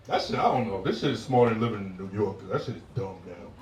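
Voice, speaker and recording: A man doing a stand-up set, animated and jumping into high-pitched impressions of women, with crowd work. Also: quick pace, hardly any pauses. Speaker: stand-up comedian. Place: comedy club stage. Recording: roomy live club sound heard from a distance. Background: laughing audience.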